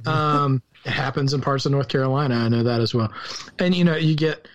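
A man with a Southern US accent, co-hosting a podcast and discussing a film in an earnest, halting way with many restarts. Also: mid-range voice, steady tone, lo-fi sound. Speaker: podcast co-host.

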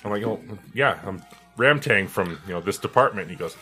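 A man with a low, bright and forceful voice tells profane workplace anecdotes. He slips into quoted voices along the way. Faint music sits behind him. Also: animated, brisk. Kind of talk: casual podcast storytelling.

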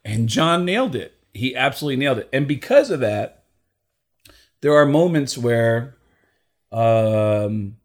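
A man's voice: medium pitch, animated, a little slow. A male stand-up comedian telling a story in casual chat, acting out the quotes and swearing freely.

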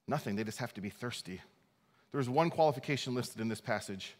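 A man's voice: mid-range voice, a little fast, long reverb tail. A man preaching a sermon as pastor, talking conversationally, restarting his phrases and reading scripture aloud.

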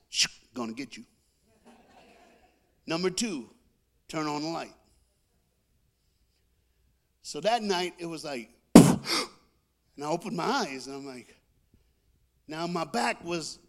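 A male preacher telling a comic story in a sermon, animated, with sound effects and call-and-response. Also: fairly high pitch.

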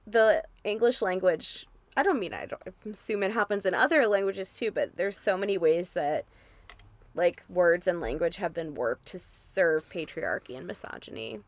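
A woman's voice: lowish voice, animated, normal speed, no room sound. A woman co-hosting a podcast in casual chat, chatty, blunt and opinionated, with the odd swear. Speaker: podcast co-host.

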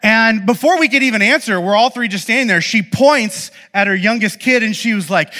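A man giving a humorous storytelling sermon, animated and self-deprecating, with quick asides to the congregation, on a stage mic in a church hall. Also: high-pitched. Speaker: pastor. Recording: live sermon in a reverberant hall.

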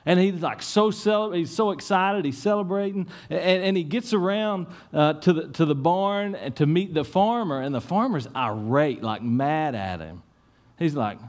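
A man preaching a sermon in church, telling stories with lively swings and dropping to a hushed tone for prayer. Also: on the high side, normal speed. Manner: animated storytelling, repeats words, drops to a hushed tone in prayer. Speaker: pastor.

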